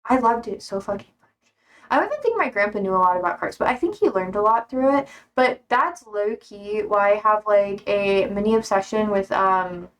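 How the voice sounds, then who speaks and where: A young American woman streaming, rambling casually with many fillers and swear words, jumping high in pitch when she quotes people. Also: moderate pace. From United States. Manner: animated, jumps high for quoted voices. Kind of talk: casual chat with chat readers.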